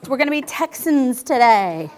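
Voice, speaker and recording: A woman first grade teacher, coaxing her class along and sounding out letters slowly and clearly, with short asides explaining her lessons. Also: sits high, very animated, slight background noise. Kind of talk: classroom teaching and interview commentary. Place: elementary classroom.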